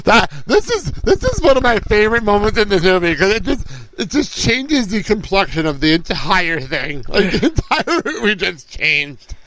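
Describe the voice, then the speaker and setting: Male podcast host, animated and laughing, slightly high-pitched. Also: normal speed, poor audio. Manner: excitable, laughs often, loses his train of thought. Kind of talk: casual podcast chat.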